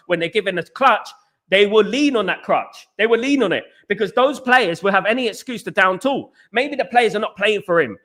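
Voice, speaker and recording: A man's voice: high voice, sharp tone. A man hosting a football live stream, ranting heatedly, repeating himself and greeting viewers in the chat. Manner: heated, repetitive, talks back to chat. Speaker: football podcast host. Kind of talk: casual live-stream rant.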